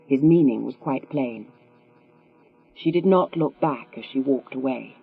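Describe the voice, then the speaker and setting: A woman narrating a thriller audiobook in a measured, composed read. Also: rumbling low, creaky, slightly rough, dry recording. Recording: tinny, phone-like with mains hum.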